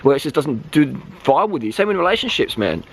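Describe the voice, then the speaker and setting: Fast, sweary Australian man ranting. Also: a little high, big pitch swings, creaky, slightly rough, low-quality recording. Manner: blunt, sweary, emphatic. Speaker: vlogger. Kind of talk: profane motivational rant. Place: outdoors, driving a vehicle.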